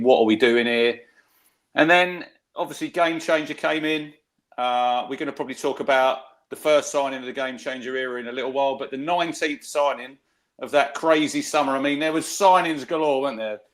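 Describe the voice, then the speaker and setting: A man's voice: medium pitch, moderate pace. Man, middle-aged, chatty co-host, anecdote-driven, filler-heavy delivery. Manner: chatty storyteller, lively anecdotes, many fillers. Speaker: podcast co-host. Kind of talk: casual football chat.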